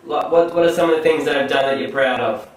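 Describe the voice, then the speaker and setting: A man interviewing in a gentle, coaxing way and repeating his prompts. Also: on the high side, fast talker. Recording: echoey room, recorded from far off.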